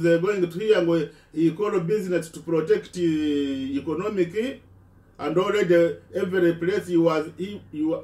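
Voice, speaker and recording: Man, halting impassioned speech, mellow tone, distant echoey recording. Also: on the high side. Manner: halting, repeats words and restarts.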